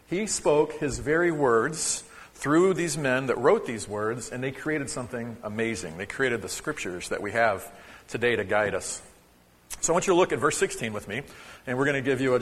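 A man's voice: medium pitch, a bit bright, in a large hall. A man preaching a sermon to his congregation in a conversational, joking way, teaching a short lesson. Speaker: pastor. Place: church sanctuary.

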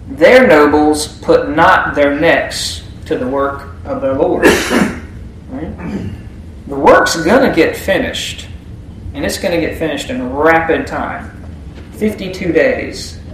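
A man's voice: medium pitch, a little hiss or hum. A man teaching a Bible passage in a sermon, reading verses aloud and explaining them in a folksy way. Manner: folksy, reads scripture aloud then explains. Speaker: preacher. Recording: echoey room with faint ambience.

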